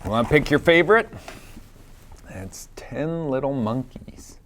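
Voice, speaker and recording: A man reads a children's picture book aloud at an unhurried pace. His pitch swoops up and down with storybook expression. He gently stops now and then to ask the child listening what they see. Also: lively intonation, slight background noise. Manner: gentle, asks the listener questions about the pictures. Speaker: storybook reader.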